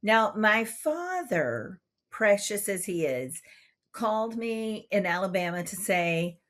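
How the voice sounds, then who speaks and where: A woman's voice: mid-range voice, big pitch swings, slow pace, fairly bright tone. A woman in her fifties telling a playful story as a guest in an interview. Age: 50s. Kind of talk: animated storytelling.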